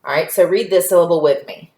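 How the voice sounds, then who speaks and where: A woman teaching a phonics lesson to young children, patient and sounding out word parts slowly. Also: on the low side, mellow. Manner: slow, patient, stretching out sounds. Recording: echoey room.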